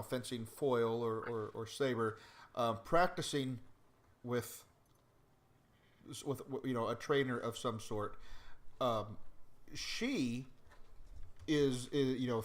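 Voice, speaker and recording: A man in the game master's seat, narrating a scene and walking players through the rules. He talks in a halting way, full of fillers and restarts, at a middling pitch.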